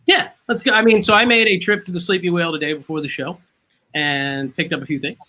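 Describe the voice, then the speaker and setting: A man hosting a relaxed drinks chat over a video call. His voice sits a little high and sounds bright. He teases his friends in quick, playful banter. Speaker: host. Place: outdoors, then moving inside.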